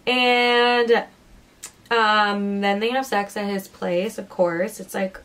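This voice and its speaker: A woman's voice: mid-range voice, steady tone, slow, fairly bright tone. A young woman co-hosting a podcast, casually recapping a book plot with lots of "like" and "um". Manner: chatty, heavy use of "like" and "um". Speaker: podcast co-host.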